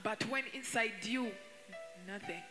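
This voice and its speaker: A man's voice: high-pitched, a little slow, over music. A man interpreting a sermon line by line in a church, matching the preacher's emphasis. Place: church hall. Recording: long hall reverb.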